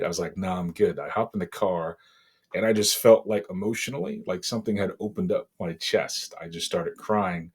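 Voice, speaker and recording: A middle-aged man from Boston, a podcast guest, telling a painful personal story in a halting, emotional way with many fillers. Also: deep voice, steady tone, a little mellow, breathy edge. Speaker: interview guest.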